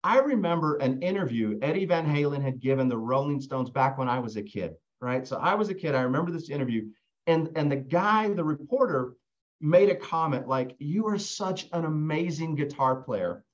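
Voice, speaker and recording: A man's voice: on the high side, expressive, brisk. Male sales coach on a video call, casual delivery, keeps checking in with the group, slightly muffled audio. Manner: conversational, keeps asking "right?", repeats words when restarting. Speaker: real estate sales trainer. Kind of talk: live online coaching session.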